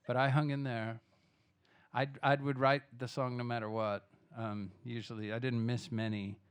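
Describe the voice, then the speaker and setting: A man's voice: medium pitch, steady tone, moderate pace, clean tone. Rambling man chatting from a club stage. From Texas. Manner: loose, chatty, self-interrupting, swears casually. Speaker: singer-songwriter performing live. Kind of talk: rambling stage banter between songs. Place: live music club.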